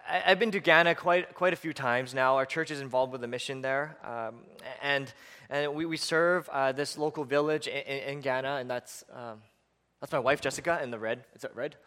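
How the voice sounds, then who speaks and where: A man's voice: medium pitch, moderate pace, bright, forceful tone. A middle-aged man preaching a sermon as pastor in a church, urgent and earnest, with repeated phrases and frequent fillers. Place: church sanctuary. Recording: long reverb of a church hall.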